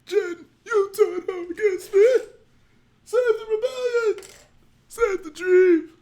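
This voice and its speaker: A man voicing a gruff older male rebel warlord who cries out in anguish, strained and shouting. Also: very high voice, slow, voice pushed up, exaggerated voice.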